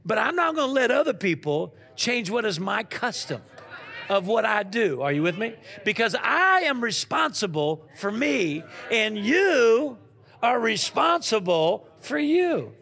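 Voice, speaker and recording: A man preaching a sermon, asking the congregation questions and swinging from loud to quiet. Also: high-pitched, measured pace, creaky. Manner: animated preaching with call-and-response questions. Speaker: pastor.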